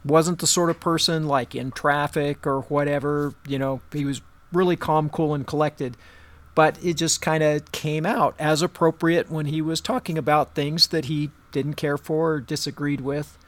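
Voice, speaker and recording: Man telling stories in relaxed chat. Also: fairly high pitch, moderate pace. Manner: rambling, animated joke-telling with acted quotes. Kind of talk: casual storytelling chat.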